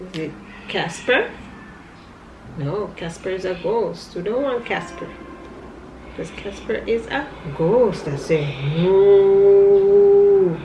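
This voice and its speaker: A woman's voice: fairly low pitch, lo-fi sound. A woman, a mom talking casually to her toddler in a home vlog, playful and coaxing with frequent laughter. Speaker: vlogger mom. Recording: echoey room, faint background noise.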